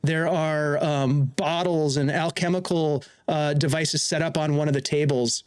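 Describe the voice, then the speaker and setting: A man's voice: fairly high pitch, fairly even intonation, measured pace, clean tone. A man running a tabletop game as dungeon master, narrating while searching for his words.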